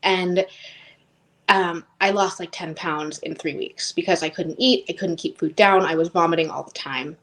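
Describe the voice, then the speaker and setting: A woman's voice: on the low side, moderate pace, a bit bright. A woman in her thirties telling her personal story as an interview guest, rambling and emotionally open with lots of "like".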